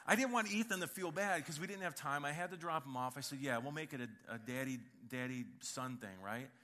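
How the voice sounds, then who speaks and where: A middle-aged male pastor delivers a sermon in a lively, joking storytelling manner. His voice sits a bit high and sounds bright and forceful. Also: fairly quick. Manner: animated storytelling with humor.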